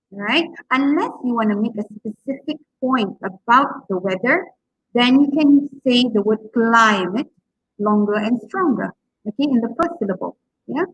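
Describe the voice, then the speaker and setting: A woman lecturing at university level, a little high in pitch, with a husky grain to her voice. She keeps checking in with "okay?" and sounds words out slowly to show where the stress falls. The recording is muffled and close, with no room sound. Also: no echo. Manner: frequent checking "okay?" and "right?", models words aloud with exaggerated stress. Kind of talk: university lecture on public speaking.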